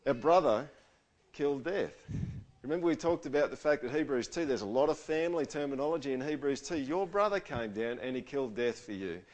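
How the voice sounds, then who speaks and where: A man preaching a conversational sermon, casual and animated, asking his audience questions. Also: mid-range voice, brisk.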